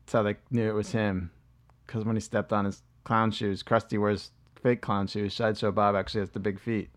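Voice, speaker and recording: A man's voice: on the low side, level tone, fairly quick. A man, co-hosting a podcast and telling rambling, profane stories in casual chat. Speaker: podcast co-host.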